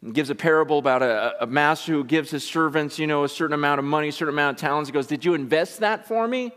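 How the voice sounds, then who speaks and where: A man preaching a sermon, emphatic, dropping from loud bursts to hushed, intense asides. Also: a little high, quick pace, long reverb tail.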